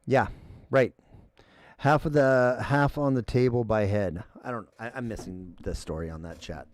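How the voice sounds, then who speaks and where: A man's voice: mid-range voice, normal speed, slight background noise. A man hosting a call-in livestream, ranting heatedly with profanity and reading viewer chat aloud.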